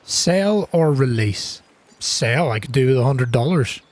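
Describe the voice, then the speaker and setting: A man hosts his own gaming channel, offering chatty, self-deprecating commentary as he plays and gasping in surprise at each new thing. His mid-range voice is a little mellow, and he speaks at a measured pace in this casual gameplay commentary.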